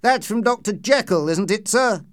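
A man doing an eager, high-pitched clerk. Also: lively intonation, moderate pace, dry recording, clean studio sound. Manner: polite, deferential, keen. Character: eager, polite male head clerk. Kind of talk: audiobook character reading.

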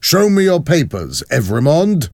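A man's voice: fairly high pitch, wildly swooping pitch, a little slow, darkish tone, dry recording, studio quality, voice pushed up, exaggerated voice. A man voicing a stern male revolutionary guard who delivers accusations in a storybook reading. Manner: curt, accusing.

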